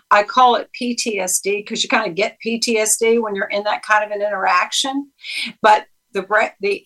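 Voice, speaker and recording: A woman's voice: medium pitch, a bit bright, low-quality recording. A woman psychologist, a guest on a talk show, explaining a technique in an instructive way and quizzing the host. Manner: instructive, quizzes the listener, acts out quoted lines. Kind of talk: interview explanation.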